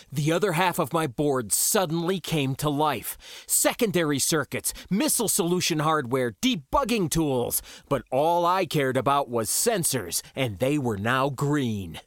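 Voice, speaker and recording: A man reading his own science fiction story aloud in the first person, with expressive, dramatic delivery. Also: on the high side, measured pace, few pauses, dry recording, clean studio sound. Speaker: author and narrator. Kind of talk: first-person audiobook narration.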